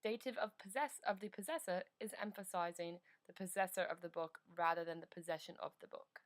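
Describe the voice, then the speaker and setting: A woman's voice: lowish voice, fairly quick. A teenage woman playing a teacher in a school project skit, lecturing in an exasperated way. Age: teens.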